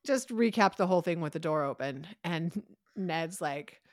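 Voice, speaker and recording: A woman co-hosting a podcast, recapping a TV episode in an animated, breathless way with rapid asides. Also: fairly low pitch, no echo, studio quality. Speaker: podcast co-host. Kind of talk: casual chat recapping a TV episode.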